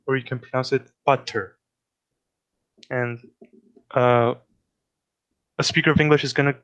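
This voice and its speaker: A man's voice: mid-range voice, a bit bright, clean tone. A man giving an informal spoken lecture on linguistics fieldwork, explaining step by step with examples and often restarting his sentences. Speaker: fieldwork workshop presenter.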